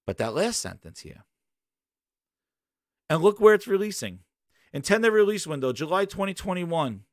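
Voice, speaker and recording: In a sing-song voice that sits high, another young gaming podcast host delivers an emphatic, argumentative opinion rant straight at his listeners at a moderate pace. It's a dry, studio-quality recording.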